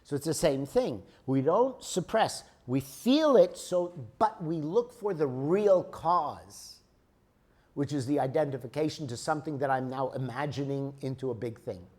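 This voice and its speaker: A man's voice: a little high, animated, measured pace, darkish tone. A man lecturing a group on emotions, explaining with everyday examples and often checking in with "okay?". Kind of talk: spiritual teaching lecture.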